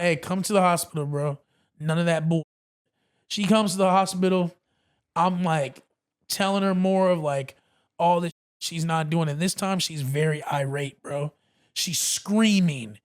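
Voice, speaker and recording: A man guest on a podcast, telling a story in a casual, animated way and acting out what others said. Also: high-pitched. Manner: animated, acts out quotes, says bro a lot.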